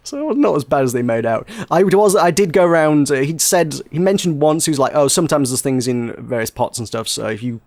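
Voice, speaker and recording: A man co-hosting a casual podcast chat, telling animated stories with playful acted quotes and frequent laughter. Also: fairly quick, few pauses, no echo, studio quality. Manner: animated storytelling, breaks into laughter, high-pitched playful quotes. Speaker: podcast co-host.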